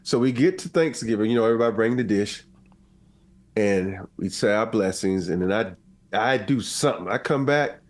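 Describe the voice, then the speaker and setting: A man co-hosting a podcast in casual chat, telling a story animatedly and acting out quotes. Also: normal speed. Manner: animated storyteller, acts out quotes with big pitch jumps. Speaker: podcast co-host.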